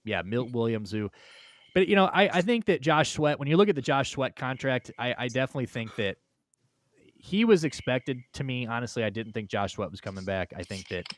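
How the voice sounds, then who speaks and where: A man's voice: mid-range voice, animated, fairly quick. A man hosting a casual sports talk livestream, rambling and swearing, often ranting heatedly. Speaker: host.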